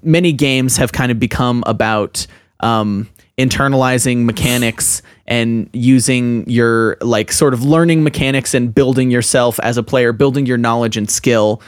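A man's voice: medium pitch, steady tone, normal speed, clear, resonant tone, no room sound, clean studio sound. A man co-hosting a podcast in casual chat, rambling and thinking aloud with frequent restarts. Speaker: podcast co-host.

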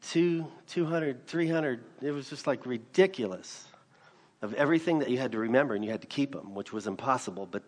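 A man delivering a sermon in an earnest, emphatic way, his voice rising into loud bursts at key points. His pitch sits in the middle range, and a long hall reverb trails behind every phrase. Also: expressive, fairly quick. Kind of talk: sermon with personal storytelling.

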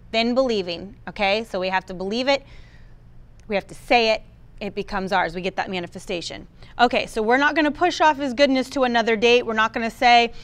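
A woman's voice: on the high side, fairly bright tone. A woman preaching a sermon, emphatic, acting out what believers should say and calling on listeners by name. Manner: emphatic, quotes the congregation's inner voice.

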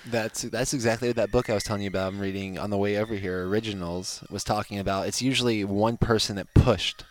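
A man's voice: lowish voice, fairly even intonation, fast, slight background noise. A man hosting a podcast interview, talking enthusiastically and leaning on fillers like "like.". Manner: enthusiastic, filler-heavy with lots of "like". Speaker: podcast host. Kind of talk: casual interview chat. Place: home in Hawaii.

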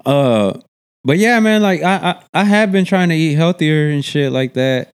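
A man in relaxed casual chat, swearing freely and often laughing as he tells stories. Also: on the high side, moderate pace, clean tone. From Texas. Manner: laid-back, swears a lot, laughs often.

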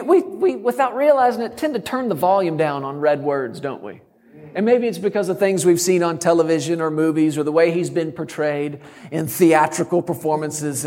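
Middle-aged guy preaching a sermon, high voice, punchy and funny at times. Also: darkish tone. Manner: bold, emphatic, humorous preaching. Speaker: guest preacher.

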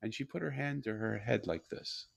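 An older man, a guest author, telling a story in a conversation, animated and often repeating and restarting his words. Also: fairly low pitch, normal speed, vocal fry.

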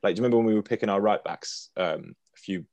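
Male podcast host, deep, halting and chatty, dry recording. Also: gravelly, a little mellow, no echo. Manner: hesitant, many restarts, sighs. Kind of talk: casual football podcast chat.

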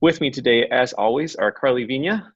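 Male podcast host, genial and steady, dry close sound, slightly muffled. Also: medium pitch, brisk, slightly rough, no echo. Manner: genial, reads guest bios steadily. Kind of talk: podcast hosting. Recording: dull lo-fi audio.

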